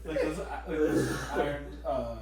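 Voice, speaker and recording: A man's voice: fairly high pitch, crowd noise. Wisecracking man, distant and echoey. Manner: dry wisecracks, quick mocking impressions. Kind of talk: casual podcast chat. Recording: roomy echo, far from the mic.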